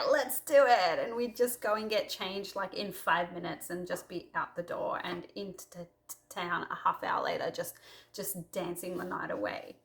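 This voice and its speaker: A woman's voice: medium pitch, a bit bright. A woman hosting a casual Christian talk to camera, telling personal stories in a chatty way with lots of fillers. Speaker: Christian video host.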